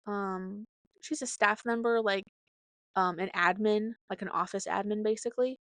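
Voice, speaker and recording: A woman's voice: medium pitch, no room sound. A young adult woman hosting a casual solo podcast, talking in a chatty, heartfelt way with many fillers. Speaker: podcast host.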